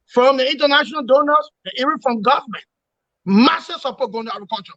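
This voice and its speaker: A man giving forceful political analysis in an interview, emphatic and repetitive, lecturing his points. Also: extremely high pitch, fast, no echo, muffled recording. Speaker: opposition commentator.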